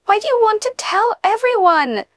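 A woman's voice: very high-pitched, sing-song, normal speed, fairly bright tone, dry recording, studio quality, voice pushed up, full character voice. A woman doing a sarcastic girl-voiced teen boy. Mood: exasperated. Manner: sullen, sarcastic. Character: sarcastic sixteen-year-old boy turned fairy, now girl-voiced. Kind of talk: audiobook narration.

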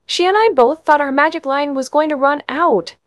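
A woman voicing an eager, nervously reassuring mother who talks excitedly about family fairy magic, in an audiobook. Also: high voice, moderate pace, no room sound, studio quality, voice pushed up, lightly acted. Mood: enthusiastic. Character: eager, nervous middle-aged mother, chatty fairy-line enthusiast. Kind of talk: audiobook narration.

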